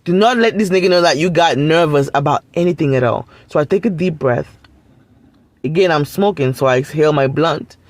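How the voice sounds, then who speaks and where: A woman's voice: low-pitched, brisk. A woman recounts a personal story in a casual vlog, blunt and emphatic, swearing freely as she drives her point home. Her voice is recorded close and dry, with no echo around it.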